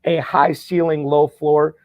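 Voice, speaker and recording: Man, podcast guest, eager, stammers and restarts, fairly high voice, dry close sound. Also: level tone, measured pace, dry recording, highs cut off. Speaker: guest, fantasy football champion. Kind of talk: casual podcast chat.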